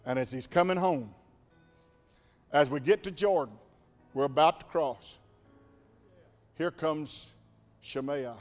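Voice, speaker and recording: A man preaching a sermon as pastor, dramatic, swinging from hushed to shouting. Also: on the high side, takes it slowly, pauses often, long reverb tail, faint music behind.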